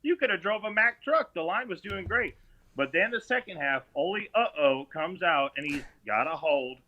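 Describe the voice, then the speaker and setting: Animated man ranting on a sports podcast. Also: high-pitched, normal speed, muffled recording. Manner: animated, mocking, does exaggerated voices. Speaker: podcast host.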